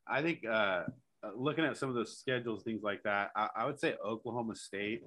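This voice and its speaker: A man's voice: lowish voice, a little fast, sharp tone. A man co-hosting a podcast, chatting casually about football, rambling and laughing between points. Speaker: podcast co-host. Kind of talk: casual sports chat.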